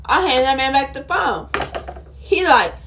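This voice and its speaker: High-voiced sassy young woman telling a story. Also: sing-song, measured pace, fairly bright tone, slight background noise. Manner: indignant, sassy storytelling with direct asides to viewers. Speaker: vlogger. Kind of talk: storytime vlog.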